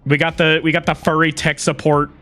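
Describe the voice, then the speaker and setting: A livestreamer chatting casually to viewers, excitable and quick to laugh, swearing casually. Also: medium pitch, soft background music.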